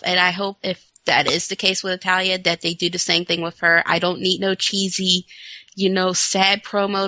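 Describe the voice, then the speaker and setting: A woman's voice: medium pitch, pushed and bright, no echo. A woman co-hosting a wrestling podcast in casual chat, enthusiastic and blunt, laughing often. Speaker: returning co-host. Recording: dull lo-fi sound.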